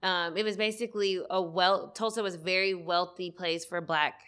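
A woman co-hosting a podcast, telling a story in a relaxed way with fillers. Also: lowish voice, moderate pace, clean tone. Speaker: podcast co-host. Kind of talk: casual podcast chat.

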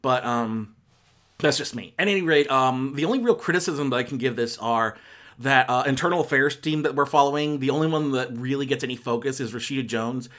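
A man's voice: medium pitch, brisk, fairly bright tone. A man giving a casual spoken film review on a podcast, rambling and self-correcting with many fillers and exasperated asides.

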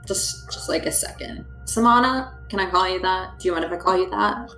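A woman's voice: mid-range voice, wildly swooping pitch, a little fast, sharp tone, roomy sound, faint music behind, exaggerated voice, low-quality recording. A woman voicing a brash male adventurer in a valley-girl voice, flippant and mocking.

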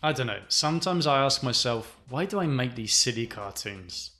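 A man with a mid-pitched, very expressive voice in a scripted casual chat. He sounds playful and teasing, with easygoing, relaxed speech. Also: normal speed.

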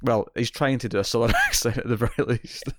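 A man's voice: medium pitch, fast, a bit bright, no room sound. Man, podcast co-host, casual movie chat, rambling with restarts, dry close sound. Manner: rambling, frequent restarts and repeated words.

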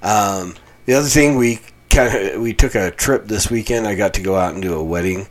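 Man from Colorado with a low voice, pastor doing a casual solo podcast from his basement; chatty and wry. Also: normal speed. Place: small home-built basement room.

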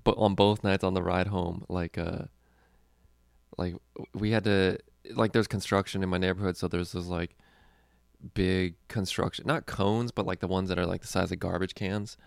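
A man's voice: low voice, steady tone, moderate pace, creaky, no echo, clean studio sound. A young adult man, a comedian hosting a podcast, telling stories in a rambling, profane way and laughing often. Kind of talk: casual podcast chat.

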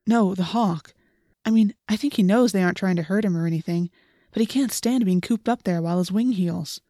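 A woman's voice: medium pitch, brisk, mellow, no room sound, studio quality, close to an everyday voice. A woman voicing an earnest teenage boy who talks eagerly about flying, read as part of an audiobook. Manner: enthusiastic, earnest. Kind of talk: audiobook reading.

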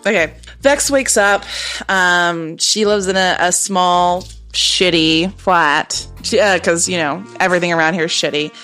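A woman's voice: on the low side, unhurried, bright, forceful tone, clean tone, soft background music. Rambling woman describing her character. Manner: rambling, lots of fillers. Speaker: player. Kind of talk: narrating a tabletop game.

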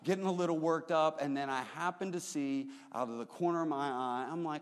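A man preaching a sermon as the pastor, moving between relaxed storytelling and emphatic, raised declarations. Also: on the high side, brisk, few pauses. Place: church sanctuary. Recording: roomy hall reverb.

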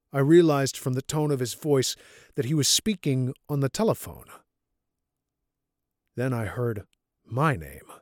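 A man reading the part of a scarred older man gravely confessing that he betrayed his rescuer, in an audiobook story. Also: mid-range voice, a little mellow, dry recording, studio quality, close to an everyday voice.

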